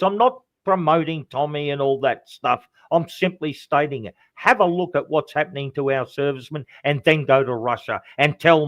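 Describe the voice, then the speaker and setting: A man's voice: a little high, a bit bright, dry recording. A man with an Australian accent speaking as a guest on a political chat show, impassioned and repeating his points. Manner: impassioned, repetitive, keeps saying "mate".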